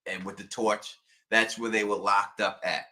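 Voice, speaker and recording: A man co-hosting a casual TV recap podcast, acting out characters in loud, animated bursts. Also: on the low side, moderate pace. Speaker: podcast co-host.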